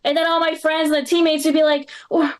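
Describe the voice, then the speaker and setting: This young Boston-area woman does a stand-up set in a small comedy club before a live crowd, her storytelling meandering and heavy with fillers, especially "like," plus frequent little laughs. She talks fast in a high pitch that barely moves.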